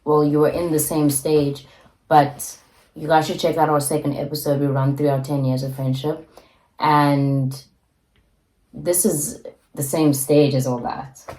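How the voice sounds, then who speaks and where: A woman's voice: sits low, little pitch movement, unhurried, warm tone. A young woman co-hosting a podcast in casual chat, reflective, repeating phrases as she searches for words. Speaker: podcast co-host. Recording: echoey room.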